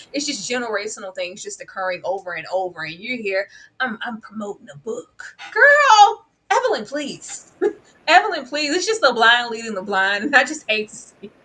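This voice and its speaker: A woman giving casual, animated commentary on a reality show, laughing often and mimicking people with exaggerated voices. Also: fairly high pitch, slight background noise, low-quality recording. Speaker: reality TV reviewer.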